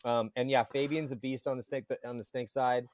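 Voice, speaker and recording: A man chatting casually on a podcast, telling lively stories and swearing casually. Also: medium pitch, brisk. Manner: animated storyteller, swears casually. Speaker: paintball commentator guest.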